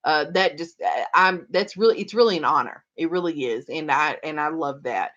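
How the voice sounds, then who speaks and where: A woman's voice: sits low, moderate pace. A woman hosts a gardening livestream, chatting casually with viewers and calling them y'all. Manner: animated, addresses viewers as y'all. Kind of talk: casual chat reading viewer comments. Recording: slightly dull lo-fi livestream audio.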